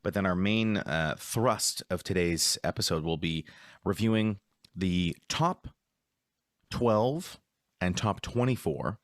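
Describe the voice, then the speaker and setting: A man's voice: low voice, animated, slow, dry recording, studio quality. A man hosting a sports podcast, talking in a laid-back, rambling way. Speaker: podcast host. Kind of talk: casual podcast chat.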